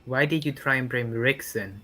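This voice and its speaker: A man's voice: medium pitch, normal speed, sharp tone, a little hiss or hum. A man playing a tabletop game, pointed and accusing. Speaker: player.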